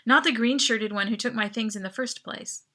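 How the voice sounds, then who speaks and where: A woman author reading her own novel aloud as lively, expressive first-person narration. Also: fairly high pitch, moderate pace.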